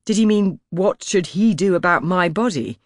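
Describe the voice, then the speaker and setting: A man reading a first-person historical audiobook in a measured, expressive storytelling manner, close to the microphone. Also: high voice, no echo. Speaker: audiobook narrator. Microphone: close studio mic.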